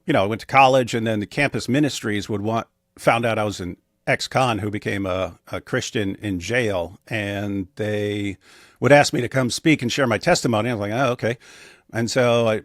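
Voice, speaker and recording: A man's voice: mid-range voice, no room sound. Guy in his 40s telling stories in an interview, acts out the quotes, dry close sound. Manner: animated storyteller, acts out quotes. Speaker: guest. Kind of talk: casual interview chat.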